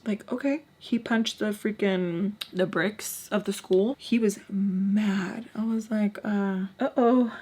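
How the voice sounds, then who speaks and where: A young woman telling a storytime vlog to her viewers, chatty and animated, with lots of filler and blunt swearing. Her voice sits at an ordinary pitch for a woman. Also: slow, few pauses, a little hiss or hum. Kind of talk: casual storytime.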